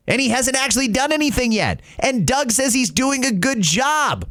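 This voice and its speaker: A man's voice: extremely high pitch, lively intonation, a little fast, hardly any pauses, a bit bright. A man hosting an opinion show, ranting indignantly about politics. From Canada. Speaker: podcast host. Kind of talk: opinion commentary.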